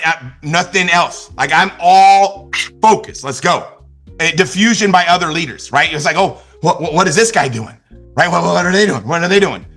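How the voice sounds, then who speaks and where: Male motivational trainer, bright and pushy delivery, higher pitched, constant "right?" check-ins. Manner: energetic, repetitive, many restarts and "right?". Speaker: network marketing trainer. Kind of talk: motivational business talk.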